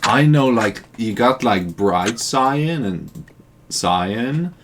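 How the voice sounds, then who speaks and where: A man's voice: mid-range voice, animated, extremely slow, a little hiss or hum. A man chatting during a co-op game session, dry and teasing, with pedantic jokes. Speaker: co-op gaming partner. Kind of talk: casual co-op gameplay chat.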